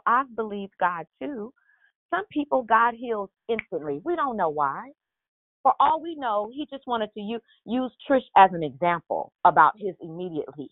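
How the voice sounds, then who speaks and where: A woman leads a prayer call over a narrow phone line, voice dry and close. She tells her stories in an animated way and acts out her own cries for help. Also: medium pitch, no room sound. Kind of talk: testimony and preaching on a call.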